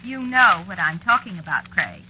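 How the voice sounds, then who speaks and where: A sharp, bright-toned witch wife teases her husband with purring menace. Her high voice jumps lightly up and down. It comes through a dull, muffled old radio recording. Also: very animated, normal speed, slight background noise, exaggerated voice. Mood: sly menace. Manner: purring, sly, mocking. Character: jealous teasing witch wife, coolly menacing. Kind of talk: 1940s radio acting.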